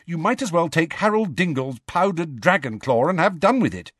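A man voicing a bossy, clever teenage schoolgirl who talks in a brisk, clipped, scolding way. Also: on the high side, animated, a bit bright, breathy edge, dry recording, clean studio sound, pitched above the performer's own voice. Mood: stern.

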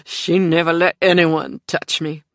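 A woman's voice: on the low side, fairly even intonation, unhurried, creaky, no room sound, studio quality. A narrator voicing a grieving young woman whose voice hitches with tears. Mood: tearful anger. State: crying.

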